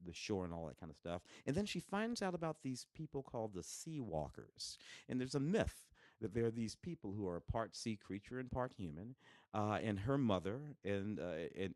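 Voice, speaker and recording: A man's voice: on the low side, dry recording, clean studio sound. A man co-hosting a podcast, chatting casually about movie and TV releases, with lots of fillers and restarts. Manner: animated, with many fillers and restarts. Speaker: podcast co-host. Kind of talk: casual chat reviewing home video releases.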